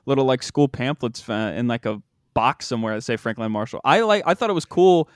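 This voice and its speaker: A man hosting a podcast, talking in a casual, excitable way with incredulous outbursts. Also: mid-range voice, brisk, clean tone, no echo, studio quality. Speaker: podcast host.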